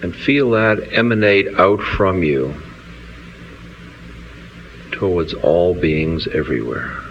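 A man leading a guided loving-kindness meditation with slow, soothing, drawn-out phrases, on a dull lo-fi recording. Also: low voice, slight background noise. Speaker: meditation leader. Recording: dull lo-fi recording, faint ambience.

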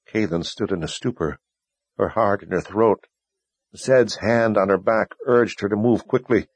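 A man narrating an audiobook in a steady, measured storytelling voice. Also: on the low side, slightly rough, no room sound. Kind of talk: scripted narration.

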